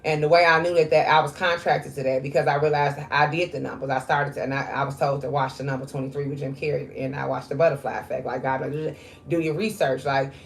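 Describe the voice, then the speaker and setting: Low-voiced woman talking candidly. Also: slight background noise. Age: 40s. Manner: candid and conversational, with frequent fillers. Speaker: spiritual reader. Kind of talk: casual spiritual monologue.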